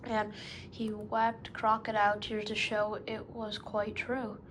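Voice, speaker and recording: A woman's voice: mid-range voice, monotone, slow pace, slight background noise, rough recording. A woman storyteller narrating a children's story, calling the listener "best beloved".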